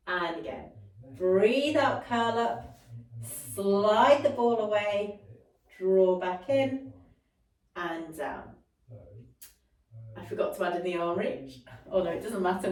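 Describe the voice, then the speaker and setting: A woman Pilates instructor guiding a ball workout, cueing each breath and movement with encouraging praise, sometimes a little out of breath. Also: medium pitch. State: slightly out of breath at times. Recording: roomy echo, mic at a distance.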